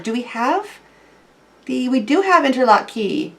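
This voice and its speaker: Creaky-voiced woman playing a game. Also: high-pitched, very animated, unhurried, faint music behind. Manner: hesitant, filler-heavy, reads game text aloud. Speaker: game streamer. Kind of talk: casual gameplay commentary.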